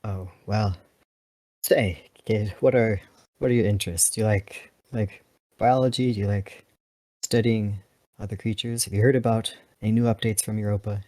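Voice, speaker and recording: A man voicing an older dolphin pilot in a tabletop role-play, speaking in a measured, formal way. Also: on the low side, fairly even intonation, mellow, no echo, natural voice. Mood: curious. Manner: measured and formal, calls others "child".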